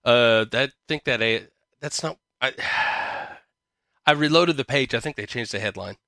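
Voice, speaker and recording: A man's voice: medium pitch, unhurried, pushed and bright, dry recording, studio quality. A man hosting a podcast, chatting casually and reading news articles aloud, swearing freely with a sarcastic, ranting manner. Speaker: podcast host.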